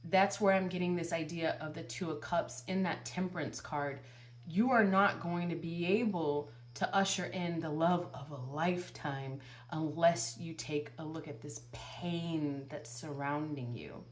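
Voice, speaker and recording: A woman tarot reader gives channeled spiritual guidance straight to her viewers. Her voice sits a little low and she takes her time, stretching each phrase. She repeats herself for emphasis and piles up one rhetorical question after another. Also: steady tone, unhurried.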